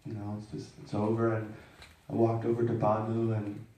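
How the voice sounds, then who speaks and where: A man's voice: on the low side, monotone, moderate pace, mellow, very echoey, far from the mic. A man telling a personal story to a live audience, rambling and self-deprecating, with many restarts.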